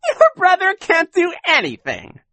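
A man voicing a villain in a woman's disguise, speaking in a silly, fake high voice with slow, gloating delivery. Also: wildly swooping pitch, bright, forceful tone, dry recording, heavily acted. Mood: mocking. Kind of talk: audiobook character voice.

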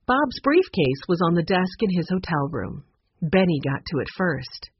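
A woman narrating a children's storybook in a steady storytelling manner. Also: lowish voice, normal speed, a little hiss or hum. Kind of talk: audiobook narration. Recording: muffled lo-fi audio.

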